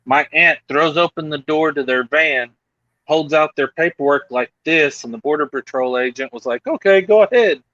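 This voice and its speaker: Man telling an animated story. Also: fairly high pitch, moderate pace, no echo, dull audio. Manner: animated, acts out other people's lines. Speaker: storyteller in group chat. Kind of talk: casual chat.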